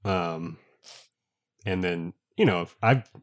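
A man co-hosting a casual podcast chat, joking and quick to laugh. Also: low voice. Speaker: podcast co-host.

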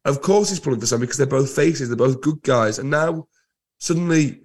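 A man co-hosts a casual podcast chat, his mid-pitched voice husky and thick from a head cold. He talks enthusiastically and drives his points home by repeating them. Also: expressive, fast, a little mellow. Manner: enthusiastic, emphatic repetitions. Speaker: podcast co-host.

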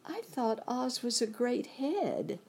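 A woman's voice: on the high side, big pitch swings, slow, a little mellow, slightly rough, voice pushed up, full character voice. A woman voicing an earnest young girl who speaks up boldly and insistently.

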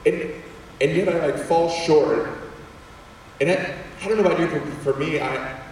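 A man telling a personal story to an audience of students, animated and quick to act out voices, with many restarts. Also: on the high side, slight background noise. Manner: animated, acts out voices, repeats words. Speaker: speaker addressing students. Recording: echoey hall from far off.

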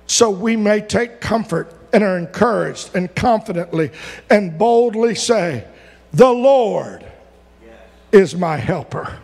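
High-pitched man preaching loud, long hall echo, shouts and repeats lines. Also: expressive, slow pace, vocal fry, husky. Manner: preaching with rising shouts and repetition. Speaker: pastor. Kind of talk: sermon.

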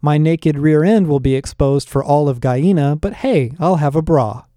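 A man's voice: on the high side, normal speed, dark tone, no room sound, clean studio sound, natural voice. A man voicing a fussy, sarcastic young woman in exasperated tones.

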